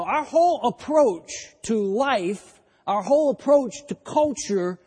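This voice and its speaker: A male preacher delivering a sermon with a high, husky voice that stays mellow in tone. He hammers home his points through repetition and emphatic builds. The sound rings with a long reverb, as in a large hall.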